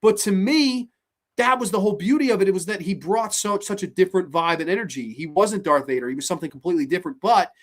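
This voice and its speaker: Brief: podcast host, swearing constantly, animated ranting film review. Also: mid-range voice, fast talker.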